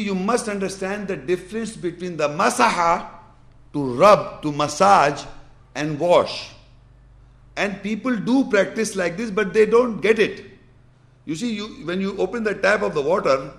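With a high, creaky voice, a man teaches Islam step by step, explaining and demonstrating as he goes. He is emphatic and repetitive, driving instructions home again and again and using gestures to show what he means.

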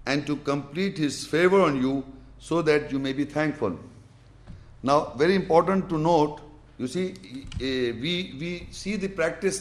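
Male religious teacher with a high, gravelly voice, emphatic and repetitive as he demonstrates. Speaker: Islamic teacher. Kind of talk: explanatory religious lesson with demonstration.

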